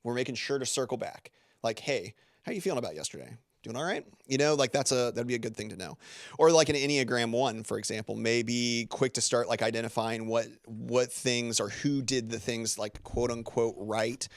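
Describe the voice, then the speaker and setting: Guy guest on a podcast, chatty, lots of likes and restarts, mid pitch, dry close mic. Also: steady tone, normal speed, no echo. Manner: rambling, full of filler words and self-corrections. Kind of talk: casual interview talk.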